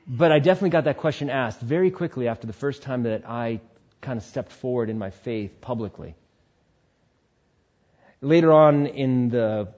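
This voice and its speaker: A man giving a spoken testimony in a sermon style, telling his story in an animated way and acting out the voices in it. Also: medium pitch, muffled recording. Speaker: speaker sharing testimony.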